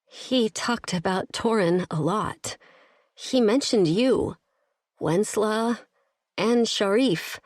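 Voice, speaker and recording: A woman's voice: mid-range voice, slow pace, no room sound, studio quality, voice pushed up. A woman narrator voicing a frightened young human woman, speaking in pleading, breathless lines. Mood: desperate.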